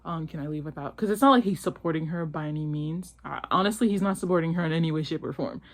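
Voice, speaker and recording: A woman's voice: deep voice, fast talker. Slangy young woman gushing about a drama. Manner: animated, slangy, with many "like"s, acting out characters' lines. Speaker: host. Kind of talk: casual chat retelling a drama plot.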